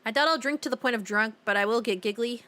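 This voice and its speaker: This young woman's voice is a little high, fast, bright and forceful, with a slight hiss or hum. While streaming a game, she chats casually with her viewers, giggles often and drifts off topic reading their comments aloud.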